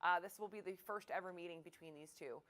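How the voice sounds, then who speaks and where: Woman, sports reporter, live news chat, lower-pitched voice, enthusiastic, playful asides. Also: fast, fairly bright tone.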